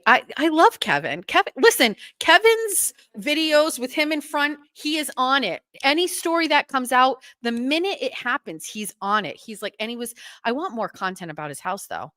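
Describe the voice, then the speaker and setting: A woman hosting a podcast, chatting casually in a gossipy, animated way. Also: on the high side, normal speed, no room sound. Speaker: podcast host. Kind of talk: casual chat.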